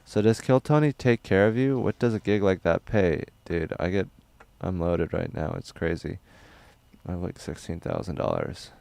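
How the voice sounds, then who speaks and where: A young man livestreaming, reading chat questions aloud in a loose, rambling, crude and deadpan way. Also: low voice, normal speed, creaky, no echo.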